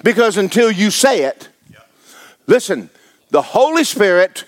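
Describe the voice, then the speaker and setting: Animated folksy preacher man. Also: high voice, measured pace, long pauses. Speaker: pastor. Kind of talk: sermon.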